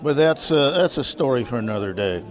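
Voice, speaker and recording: A man from San Francisco, a former development director, telling wry, halting stories in a casual interview at an outdoor reunion. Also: mid-range voice, lively intonation. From San Francisco, USA. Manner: wry, storytelling, halting with fillers. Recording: crowd chatter outdoors.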